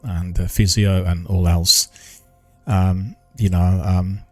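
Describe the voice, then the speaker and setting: Older male streamer, deep voice, halting formal delivery, dry close sound. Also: steady tone, a little mellow, no echo, soft background music. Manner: slow, halting, many ums and restarts; careful, formal enunciation. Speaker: gaming news streamer. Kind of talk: casual live-stream chat.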